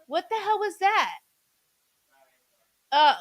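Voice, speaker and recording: A woman with a high voice hosts a live stream from her home. She chats loosely, repeats each viewer's name, and stumbles over her words at times. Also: lively intonation, slow, poor audio. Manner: chatty, repeats names, stutters. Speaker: psychic medium host.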